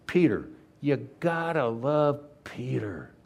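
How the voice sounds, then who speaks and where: Guy preaching in church, lively storyteller voice, jumps up and down in pitch, acts out the characters. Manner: animated storytelling, acting out the disciples in quick lively asides. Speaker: pastor. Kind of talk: sermon.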